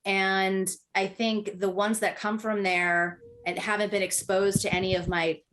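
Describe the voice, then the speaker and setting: A woman's voice: medium pitch, level tone, measured pace, noisy background. A woman guest on a podcast, chatting casually with a dry, sarcastic streak. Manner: sarcastic, easygoing. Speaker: guest, online content creator.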